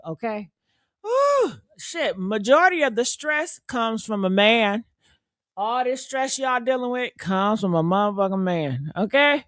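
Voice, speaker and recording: A woman's voice: fairly high pitch, dry recording, studio quality. A woman hosting reaction commentary, talking in a sassy, blunt, profane and preachy way. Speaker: commentary host.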